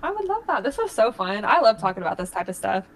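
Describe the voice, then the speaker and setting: Young woman streamer, chatty and animated. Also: on the high side, fast talker, far from the mic. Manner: animated, says "like" a lot, laughs often. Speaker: podcast guest, streamer. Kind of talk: casual chat.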